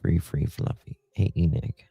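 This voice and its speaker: A man's voice: low-pitched, steady tone, a little slow, creaky, warm tone, breathy edge, dry recording. A man hosting a live stream, chatting sarcastically with his viewers. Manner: sarcastic, talks to chat viewers. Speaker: livestream host. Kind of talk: casual live-stream commentary.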